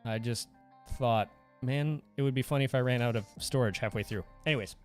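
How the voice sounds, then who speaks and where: Faint music sits behind a man whose mid-range voice moves at a brisk clip. Hosting a relaxed livestream, he jokes around with viewers, reads their chat out loud, and laughs often with animated energy.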